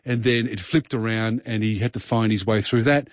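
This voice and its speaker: A man hosts a radio chat in a loose, rambling way, laughing easily between points. His voice is middle-pitched and dry, and it sounds slightly dull. He comes across as unhurried. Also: steady tone, dry recording. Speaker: radio host.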